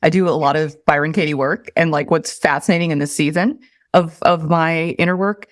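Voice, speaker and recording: A woman's voice: low voice, fairly even intonation, a little fast, no room sound, studio quality. A woman hosting a podcast, talking in an emphatic, impassioned way and swearing freely. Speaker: podcast host. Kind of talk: casual podcast conversation.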